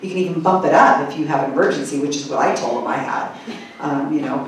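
Woman telling a story in an echoey hall. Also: fast. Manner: mimics people in high squeaky voices, laughs often. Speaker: conference speaker. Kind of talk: animated storytelling talk. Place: conference hall. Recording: echoey hall, mic far off, faint room hum.

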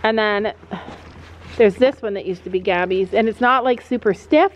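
A woman's voice: medium pitch, moderate pace. A middle-aged mother vlogging casually at a horse barn, chatty and rambling with lots of fillers. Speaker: mom vlogger. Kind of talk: casual vlog chat. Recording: dull lo-fi camera audio.

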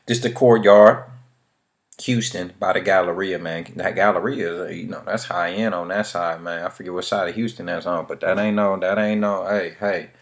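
A man's voice: low voice, fairly even intonation, normal speed. A man from the Bay Area talking through a screen share of a real estate company, full of street slang and motivational asides. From San Francisco Bay Area. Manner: hype, preachy motivational asides. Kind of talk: casual screen-share commentary.

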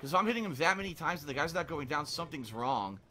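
A man's voice: a little high, animated, quick pace, background noise. A man giving frustrated, swearing commentary over his own gameplay. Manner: frustrated, swearing, ranting at the game. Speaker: gaming commentator. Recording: faint gunfire behind voice. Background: game gunfire and explosions.

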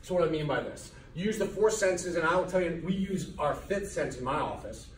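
A man's voice: on the high side, lively intonation, fairly quick. Emphatic man lecturing in an echoey hall. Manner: emphatic and preachy, repeating key words and firing rhetorical questions. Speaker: chiropractor lecturing business students. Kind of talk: motivational classroom lecture. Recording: echoey hall from far off, faint noise.

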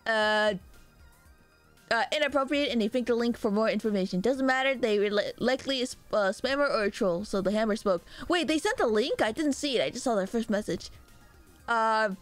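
A young woman from Mexico streaming and chatting loosely with viewers, loud and rambling, often laughing at herself. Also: a little high, faint music behind. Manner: loud, rambling, self-mocking, quick laughs. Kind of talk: casual live-stream chat with viewers.

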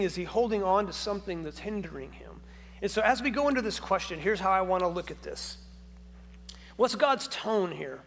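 A male pastor preaches with a high voice in a church hall whose long echo trails each phrase. He talks in a relaxed, conversational way, asks his listeners question after question, and slips in humor. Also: gravelly. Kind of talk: sermon. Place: church sanctuary.

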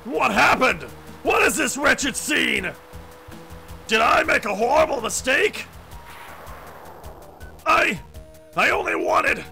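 A hot-headed villain gang leader, as a man voices him for a game playthrough, loud and theatrical, his throat sounding strained. The voice is bright and gravelly, with pitch jumping all over. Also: expressive, takes it slowly, long pauses, faint music behind, exaggerated voice. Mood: distraught. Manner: loud, theatrical, often shouting.

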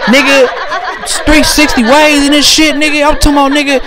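High-voiced man telling crude rambling stories. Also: flat delivery, fairly quick, a loud crowd, heavy background noise. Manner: rambling, keeps asking "you feel me"; swears a lot, breaks into laughter. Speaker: comedian. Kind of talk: profane comedic storytelling monologue.

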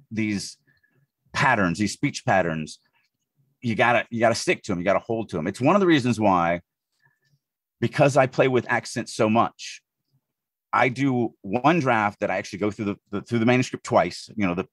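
Husky-voiced man. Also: lowish voice, normal speed, no echo. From US Deep South. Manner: animated, thinks aloud with frequent restarts. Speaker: podcast co-host, writing editor. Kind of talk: casual podcast discussion.

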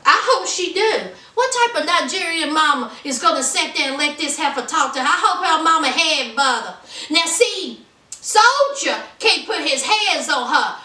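Sassy high-voiced woman recapping a show. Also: bright, forceful tone, roomy sound, distant mic. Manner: sassy, blunt, scolding. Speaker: reality TV recap vlogger. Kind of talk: casual episode recap.

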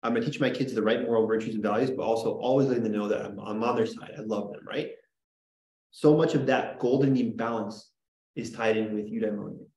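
A man's voice: fairly low pitch, steady tone, a little fast, darkish tone, echoey room, rough recording. A man teaching a classroom lesson in a chatty, joking way, often checking in with "right?". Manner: chatty, jokey, lots of "right?" and "like". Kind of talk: classroom lecture.

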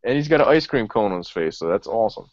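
Low-voiced, profane podcast host. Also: male voice, animated, fast, no echo. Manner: rambling and profane, with repeated restarts. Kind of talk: casual chat. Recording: dull lo-fi podcast audio.

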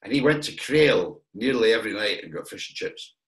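A man's voice: fairly low pitch, lively intonation, a little fast, a bit bright. A Scottish man from Perth, a guest actor, reminiscing in a casual chat and rambling with fillers and restarts. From Perth, Scotland. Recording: echoey room.

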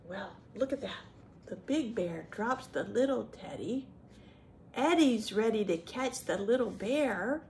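A woman's voice: fairly high pitch, expressive, unhurried, a little mellow, a little hiss or hum. A woman reading a picture book aloud to children, stopping often to chat and ask the young listeners questions. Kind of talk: children's read-aloud with chatty commentary.

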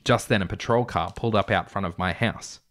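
A man's voice: low-pitched, fairly quick, a bit bright. A young man reading aloud his childhood novel, breaking off for wry, joking asides. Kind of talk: casual read-aloud with asides.

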